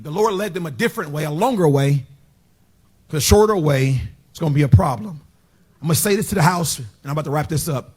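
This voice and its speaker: A middle-aged man preaches from the pulpit. His voice sits high for a man and sounds husky. He swings from loud, shouted praise down to quiet, hushed storytelling. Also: quick pace. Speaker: pastor. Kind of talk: sermon. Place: church sanctuary.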